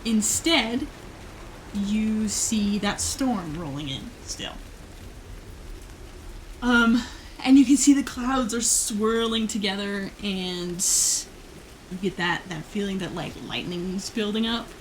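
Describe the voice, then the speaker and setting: A woman narrating as game master of a tabletop game, relaxed and laughing often, with many fillers. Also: medium pitch, slow, noisy background.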